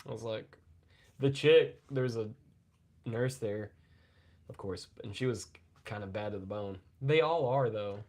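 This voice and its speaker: A man's voice: fairly low pitch, unhurried, pauses often, a little mellow. A middle-aged man co-hosting a casual live podcast, telling profane, rambling stories and coughing now and then after a bout of pneumonia. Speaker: podcast co-host.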